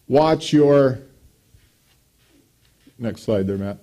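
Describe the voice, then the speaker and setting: A man's voice: medium pitch, animated, moderate pace, dark tone. A man preaching a sermon in a church, emphatic, with his voice rising on scripture quotes. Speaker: pastor.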